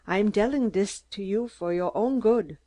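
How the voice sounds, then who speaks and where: A woman's voice: medium pitch, a little slow, dark tone, close to an everyday voice. A woman doing a blunt, menacing heavy man. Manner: blunt, threatening, ungrammatical. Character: heavy, menacing older man speaking broken English.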